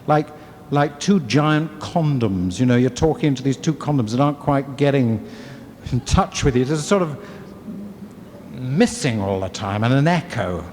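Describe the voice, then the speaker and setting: A man's voice: fairly high pitch, a little mellow, slight background noise. An English man giving a candid, wry recovery talk at a convention, in a storytelling manner. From England. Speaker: convention speaker. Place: convention hall. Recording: hall reverb, faint ambience, 1980s convention tape.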